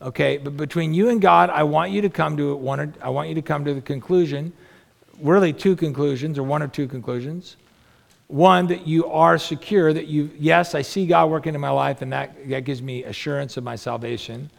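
A man's voice: on the high side, moderate pace, vocal fry, long reverb tail. A man, a pastor, preaching a conversational sermon full of rhetorical questions.

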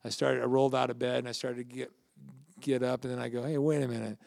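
Older man, pastor, chatty sermon, very gravelly voice, dry close sound. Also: medium pitch, monotone, fast talker, a little mellow, no room sound. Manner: conversational, anecdotal, asks the audience questions.

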